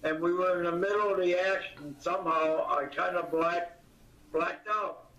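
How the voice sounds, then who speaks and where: An older man, a comedian guest in an interview, talking in a halting way with many pauses and fillers, recorded from a distance. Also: high-pitched, steady tone, sharp tone, slight background noise. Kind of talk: casual interview. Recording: distant, echoey, dull audio.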